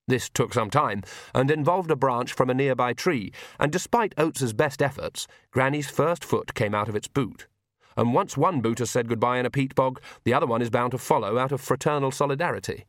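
A male audiobook narrator reading in a measured, wry storytelling way. His voice sits in a middle register and carries no room sound, close and dry. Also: mid-range voice, no echo. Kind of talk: scripted narration.

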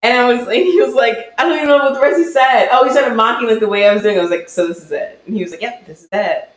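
A podcast co-host telling a story in a casual live-stream chat, animated and laughing often. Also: medium pitch, rapid-fire. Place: indoor room, streaming live. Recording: roomy echo, faint background hum.

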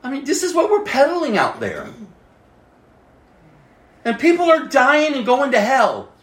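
A male pastor delivers a sermon with a high, lively voice that leaps up and down. He shifts between hushed asides and loud, emphatic exhortation. The sound is roomy, as if from a church hall. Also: measured pace.

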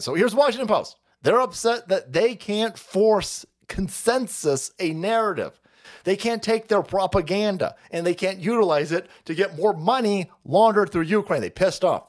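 A foul-mouthed man rants through a live-stream commentary. His voice sits high for a man and swings widely up and down. He mocks his targets, laughs often and bursts into shouts. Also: lively intonation, moderate pace.

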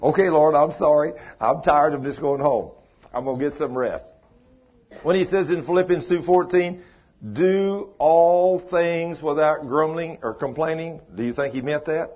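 A man's voice: mid-range voice, husky, dull audio. An older man, preaching a sermon in a folksy, emphatic way, his voice climbing on exclamations. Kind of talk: sermon teaching.

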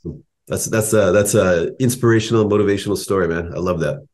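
Guest, male, low-ish voice, relaxed conversational manner. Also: quick pace. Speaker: interview guest, company CEO. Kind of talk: casual conversation.

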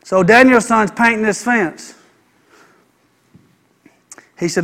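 A man's voice: high voice, a little slow, pauses often, fairly bright tone. A man preaching a sermon as a pastor, emphatic and repeating his phrases in building runs.

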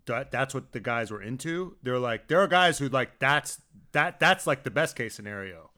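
A man co-hosting a casual comedic chat, telling stories with lots of stammering restarts and acted-out quotes. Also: moderate pace. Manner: animated storyteller, acts out quotes with big pitch swings. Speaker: podcast co-host.

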